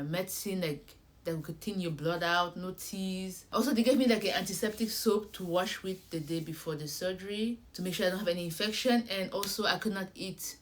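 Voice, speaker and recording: A young woman shares a personal story in a casual vlog. She speaks in a natural mid-range voice and talks straight to her viewers. She acts out each conversation with lively energy. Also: medium pitch. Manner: animated, acts out conversations, addresses viewers directly. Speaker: vlogger.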